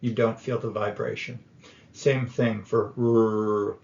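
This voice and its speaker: Male grammar teacher, deliberate and unhurried, gravelly tone. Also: lowish voice, flat delivery, a little mellow, reverberant. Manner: slow, deliberate, with pauses and filler. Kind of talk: explaining grammar lesson. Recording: dull lo-fi recording.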